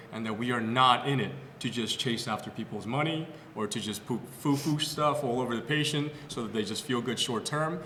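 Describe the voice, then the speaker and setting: In an echoey clinic podcast room with long reverb and a little hiss or hum, a medium-pitched male physical therapist shares patient stories. His delivery is casual and animated, with lots of fillers and restarts.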